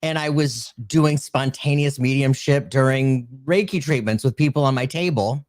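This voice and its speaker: A male host speaks at a middle pitch in a casual conversation. He sounds earnest and reflective, often pausing and restarting as he searches for words. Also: darkish tone. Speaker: host, medium.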